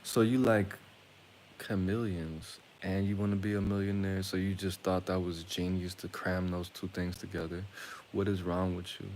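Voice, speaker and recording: Deep-voiced man from Atlanta, streamer telling jokey stories, faint hiss. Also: level tone, moderate pace, a little mellow. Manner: rambling, joking, crude. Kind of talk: casual storytelling to viewers.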